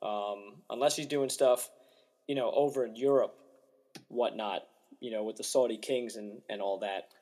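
A young man co-hosting a casual golf podcast, talking in an animated, joking way. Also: medium pitch, moderate pace. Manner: animated, jokey, mimics players' voices. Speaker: podcast co-host. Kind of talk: casual chat.

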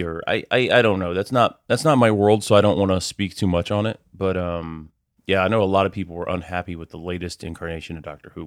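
This man co-hosts a movie podcast with a low, dry voice. He talks casually and rambles, hedging his points with plenty of "uh" and "I guess." The sound is close and free of room echo. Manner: rambling, hedging with many fillers. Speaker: podcast co-host. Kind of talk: casual film discussion.

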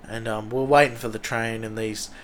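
A young man with an Australian accent hosting a podcast, telling rambling stories full of swearing and loudly acted-out quotes. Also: on the low side, flat delivery, moderate pace. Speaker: podcast host. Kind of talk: casual storytelling.

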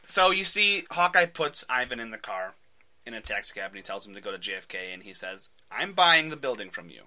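A man hosting a casual podcast, retelling a comic book in an animated way and laughing often. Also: fairly low pitch, fairly quick. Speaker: podcast host.

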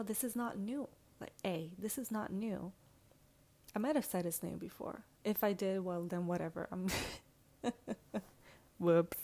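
A young woman telling a dating story in a casual vlog. She is frank and animated, leans on "like" constantly, swears freely and drops into hushed asides. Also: medium pitch.

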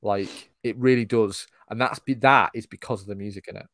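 A man talks over a film in loose, rambling chat. He swears freely and drops "like" everywhere. His voice sits low, and the mic is close and dry. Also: steady tone, a little fast, fairly bright tone, dry recording. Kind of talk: casual film discussion.

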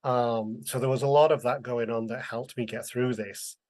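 An earnest man tells his life story in a candid, conversational way. His voice sits in a middle pitch, and he acts out the people he quotes with bright, lively voices. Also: normal speed. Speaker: interview guest, author.

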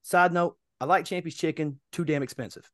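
A man with a fairly high voice tells a story in a casual way and acts out every line of the people in it. He sounds close and dry, with no room behind him. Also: fairly quick, dry recording. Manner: animated, acts out other people's lines. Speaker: podcast co-host.

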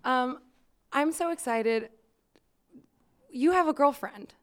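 A woman's voice: sits high, slow pace. A young woman hosting a podcast, chatting casually, giggly and rambling. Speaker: podcast host. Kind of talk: casual chat.

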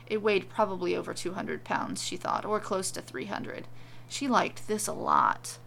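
A woman narrating a comic storybook tale with a deadpan, wry delivery. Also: mid-range voice, normal speed, creaky, slight background noise.

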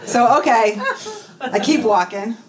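Animated middle-aged woman telling a story. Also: on the high side, a little slow, heavy background noise. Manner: animated, acts out the voices in her story. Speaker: guest telling a personal story. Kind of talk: emotional personal storytelling. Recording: voice a bit distant from the mic.

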